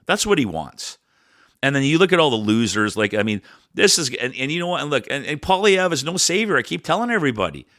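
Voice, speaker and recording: A man's voice: on the high side, sing-song, fast talker, no room sound. Blunt, profane man ranting on a podcast. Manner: blunt, profane, rambling, swings loud and soft. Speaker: podcast co-host. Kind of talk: casual ranting chat.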